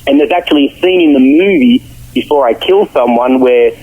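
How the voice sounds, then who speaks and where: Aussie guy calling in, slangy lively storyteller, husky, tinny phone sound. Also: medium pitch, fairly quick. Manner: animated, acts out quotes, slangy. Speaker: guest. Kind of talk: storytelling in a radio interview. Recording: phone line.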